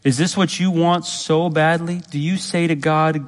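A man's voice: a little high, fairly even intonation, measured pace, hardly any pauses. A man preaching a sermon, earnest and emphatic, repeating key phrases and putting direct questions to his congregation. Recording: long hall reverb.

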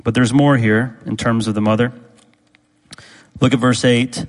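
A man preaching a sermon as pastor, speaking deliberately and repeating key phrases for emphasis. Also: mid-range voice, steady tone, in a large hall, low-quality recording.

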